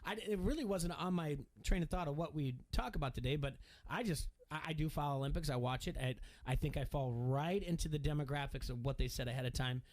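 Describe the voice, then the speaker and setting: A middle-aged man co-hosting a sports radio show, talking in a rambling, animated way with many restarts. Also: on the high side, quick pace, hardly any pauses. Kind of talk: casual sports talk.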